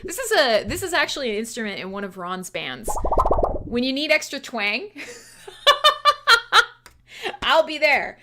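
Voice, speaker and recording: A woman's voice: a little high, big pitch swings, normal speed, background noise. A woman hosting a casual livestream radio show, chatty and scattered, giggling a lot and swearing freely. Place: home streaming setup.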